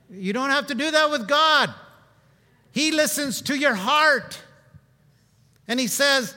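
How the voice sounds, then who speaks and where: A man preaching a sermon in a conversational, humorous way, swinging between loud and hushed. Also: extremely high pitch, a little slow, in a large hall.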